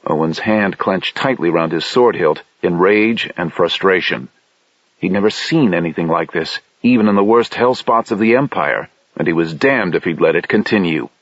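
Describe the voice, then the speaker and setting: Low-voiced male audiobook narrator. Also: no echo. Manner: steady, measured reading. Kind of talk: scripted narration. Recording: dull lo-fi dry audiobook recording.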